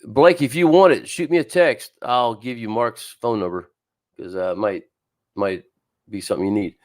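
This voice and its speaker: A man's voice: medium pitch, normal speed. A man hosting a live fishing show, chatting casually, greeting viewers by name and laughing often, with an occasional wheeze. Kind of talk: casual live-stream chat. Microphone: streaming setup, talking to camera.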